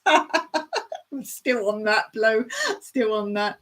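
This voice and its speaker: A woman's voice: a little high, very slow, a bit bright. A woman hosting a casual live stream from her home in the countryside, chatting in a rambling way and reading viewer comments aloud. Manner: chatty, rambling, reads viewer chat aloud and laughs often.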